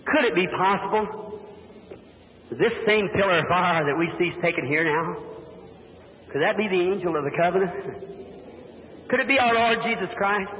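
A man's voice: sits high, slight background noise. A man preaching a sermon. He tells stories and questions the congregation with fervor. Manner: fervent, retells conversations, asks the congregation questions. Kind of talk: sermon with storytelling. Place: church hall. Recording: echoey hall over a tinny old line.

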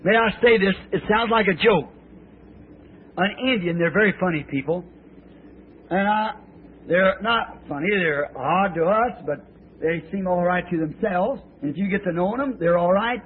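Middle-aged male preacher, high-pitched, rambling folksy storyteller, faint hiss. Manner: folksy, rambling, drawn-out phrasing. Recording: tinny, lo-fi old sermon tape.

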